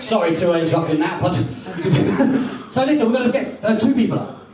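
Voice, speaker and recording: Brisk and high-pitched, this man's voice has lively intonation and a somewhat dark tone as he banters with volunteers during a comedy magic act. The mic sits far away in a big, roomy hall, with the audience audible throughout.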